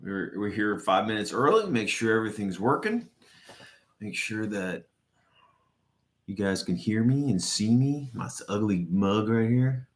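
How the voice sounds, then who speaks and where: A man with a slightly low voice hosts a casual livestream, greeting viewers in chat by name. His talk is loose and rambling, full of swearing and restarts, spoken into a webcam setup. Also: very animated, measured pace. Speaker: livestream host.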